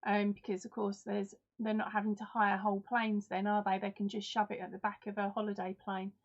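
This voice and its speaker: A woman's voice: medium pitch, completely flat delivery, brisk, lo-fi sound. A woman hosting a live crafting stream in casual chat, reading out and answering viewers' comments. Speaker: host.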